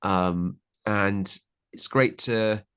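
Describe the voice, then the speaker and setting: A man hosting a podcast chats casually with a guest in an interview, his voice on the low side, extremely slow, pushed and bright, with a clean tone. He jokes, rambles, and interrupts himself with many restarts.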